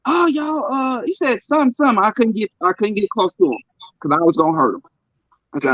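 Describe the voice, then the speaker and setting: A man telling a family story in casual chat, animated and profane, acting out what people said. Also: high-pitched, a little fast, no room sound. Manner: animated, profane, acts out quotes. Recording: dull, muffled mic.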